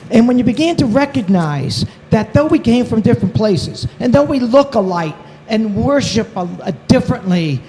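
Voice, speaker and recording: High-voiced man giving a pep speech. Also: expressive, normal speed, few pauses, darkish tone, a little hiss or hum. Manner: emotional, encouraging, self-deprecating. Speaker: program speaker at student summit. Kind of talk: motivational speech to students. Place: large event hall at a university. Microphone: handheld microphone.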